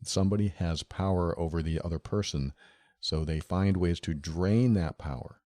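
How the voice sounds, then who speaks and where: A low-voiced man talks earnestly through a solo podcast episode. He speaks straight to the listener and circles back to his key phrases again and again. The sound is close and dry, with no room around it. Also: moderate pace, warm tone, dry recording. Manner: earnest, repetitive, addresses listener directly. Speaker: podcast host. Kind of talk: solo podcast talk on relationships.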